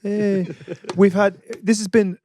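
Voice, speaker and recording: A man's voice: high voice, level tone, takes it slowly, dark tone, a little hiss or hum. An English man co-hosting a podcast, joking around in casual chat. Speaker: podcast co-host.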